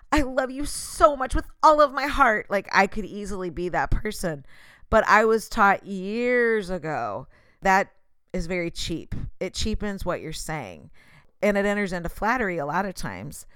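A woman's voice: mid-range voice, animated, moderate pace, a bit bright, smooth, no echo. A woman giving a casual motivational talk straight to the listener, passionate and emphatic.

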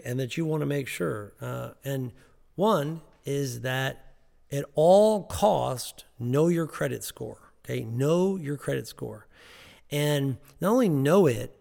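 A man's voice: mid-range voice, vocal fry, darkish tone, big-room sound. A man giving financial advice on a podcast, emphatic and repetitive, often checking in with "okay?".

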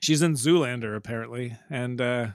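A man's voice: medium pitch, normal speed, no echo, studio quality. A man co-hosting a podcast in casual chat, joking and rambling, laughing often. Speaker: podcast co-host.

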